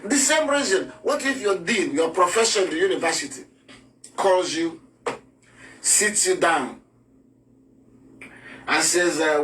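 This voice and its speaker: A man's voice: high-pitched, lively intonation, unhurried, pauses often, fairly bright tone, distant mic, slight background noise. Emphatic man teaching. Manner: emphatic, rhetorical questions, acts out scenes. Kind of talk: lively spoken lesson.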